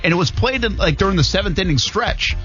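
A man hosting a sports radio show who chats casually and often pauses with "uh". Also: high voice, animated, bright, forceful tone. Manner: hesitant, many "uh" fillers. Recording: dull lo-fi radio with faint music.

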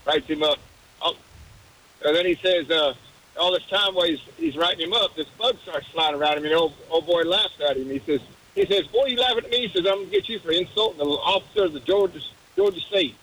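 A man calling into a radio show, telling a long joke with many halting restarts. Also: a little high, a bit bright, slightly rough, poor audio. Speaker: caller.

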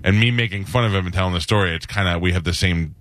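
A male talk show host with a very deep voice who speaks fast and jokes about himself. The recording is dry and close. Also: fairly bright tone, dry recording. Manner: quick, self-deprecating banter. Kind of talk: casual chat.

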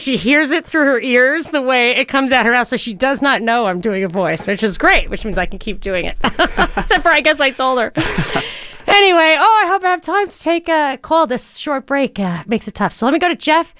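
A woman hosting a talk radio show, chatty and quick, on a studio microphone. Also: sits high, animated, bright, forceful tone, no echo.

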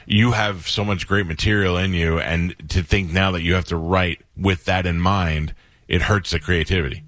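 Deep-voiced New York radio host. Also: male voice, steady tone, normal speed, fairly bright tone, dry recording. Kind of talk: casual radio chat.

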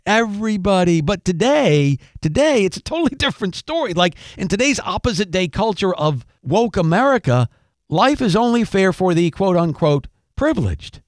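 Older guy ranting on his podcast, pitch jumps all over, super dry mic. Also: big pitch swings, normal speed, dry recording. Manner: emphatic, repeats phrases for punch. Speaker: radio and podcast host. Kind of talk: opinionated monologue.

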